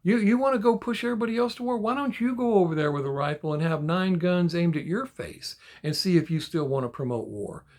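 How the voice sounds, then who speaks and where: A man's voice: high-pitched, expressive, fairly quick, few pauses, darkish tone. A man hosting a toy collector channel, talking casually to his viewers, getting frustrated and ranting, swearing a lot and repeating himself when worked up. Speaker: die-cast toy collector channel host.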